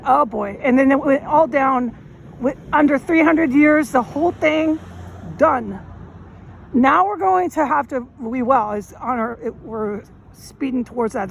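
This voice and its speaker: Walking down a city street outdoors, a vlogger records herself on her phone, delivering an emphatic, slangy, rambling monologue in a high voice with vocal fry. Street noise and passing traffic are faintly audible in the background.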